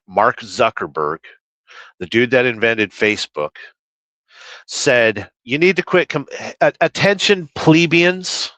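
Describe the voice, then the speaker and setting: A man's voice: mid-range voice, fairly bright tone, no room sound, rough recording. A man livestreaming while trucking, reading chat aloud and rambling through opinions in casual talk.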